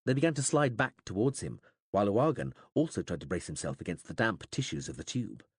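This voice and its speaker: A man reading an audiobook aloud in dramatic, expressive scripted narration. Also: lowish voice, brisk, husky, no room sound, studio quality.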